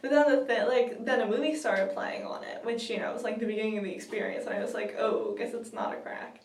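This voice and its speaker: A woman's voice: fairly high pitch, steady tone, quick pace. A young woman vlogger telling a story in a giggly, gushing way, full of fillers. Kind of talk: excited casual storytelling. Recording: roomy, distant from the mic.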